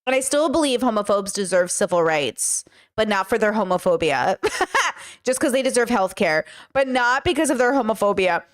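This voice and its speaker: A woman's voice: medium pitch, animated, moderate pace. A woman hosting a podcast, chatting in a rambling, casual way while reacting to a clip. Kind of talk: casual commentary.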